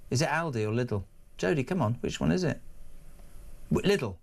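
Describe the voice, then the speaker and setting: A man's voice: mid-range voice, animated, moderate pace, creaky. A man hosting a live radio phone-in, reading listener texts in a brash, jokey, chatty way with asides to the studio. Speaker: radio talk show host. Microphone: studio microphone.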